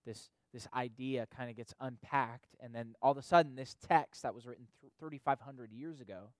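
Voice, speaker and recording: A man's voice: medium pitch, fairly quick, dry recording. A man preaching a sermon in a conversational way, often asking "right?" and repeating himself for emphasis. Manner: conversational preaching, frequent "right?" tag questions and repetitions. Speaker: pastor or youth leader.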